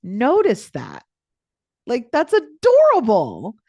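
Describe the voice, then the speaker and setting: A woman's voice: fairly high pitch, wildly swooping pitch, slow pace, darkish tone, no room sound, studio quality. A woman life coach giving a live online coaching talk in a chatty, playful way, with lots of filler words.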